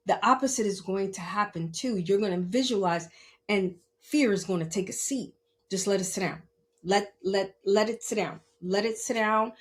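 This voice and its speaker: Candid, emphatic woman podcast host. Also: mid-range voice. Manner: candid, emphatic, conversational, checks in with listeners. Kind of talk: motivational monologue.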